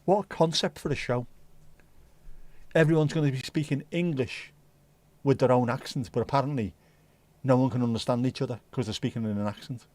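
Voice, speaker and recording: A man hosting a casual livestream chat, rambling and ranting with plenty of swearing and answering viewers' comments out loud. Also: mid-range voice, fairly quick, long pauses, no echo. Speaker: livestream host. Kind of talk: casual chat with a live audience.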